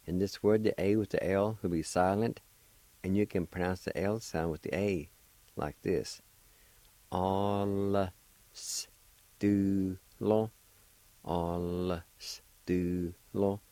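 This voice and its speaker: Slow, low-voiced man teaching words. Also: steady tone, warm tone, no echo. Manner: slow, patient, encouraging. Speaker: language teacher and radio host. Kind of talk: spelling and pronunciation lesson.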